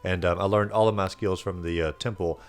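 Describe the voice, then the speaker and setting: A man's voice: low-pitched, steady tone, brisk, faint music behind. A man hosting a video game playthrough recap, talking in a casual, rambling way with lots of fillers. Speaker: host.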